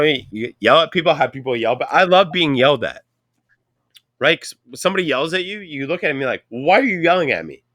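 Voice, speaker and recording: Bright, profane man in casual chat. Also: mid-range voice, no room sound, studio quality. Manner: profane, animated storytelling.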